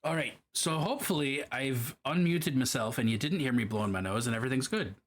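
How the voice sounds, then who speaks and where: A man's voice: mid-range voice, fairly quick. A man with a put-on Irish accent, hosting a casual livestream while painting miniatures, chatty and profane as he answers his chat. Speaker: livestream host.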